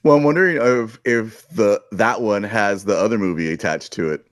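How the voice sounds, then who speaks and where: A man's voice: on the low side, normal speed, no echo, studio quality. A man hosting a horror podcast, steering the casual chat and teasing his co-hosts. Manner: laughing, teasing, steers the talk.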